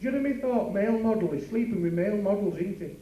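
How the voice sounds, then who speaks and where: A high-voiced man rattles off bawdy club comedy, talking straight to the crowd. He sounds far from the mic in an echoey room, with a steady noise under him. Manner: bawdy, rapid patter with asides to the crowd. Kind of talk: stand-up comedy. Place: working men's club stage.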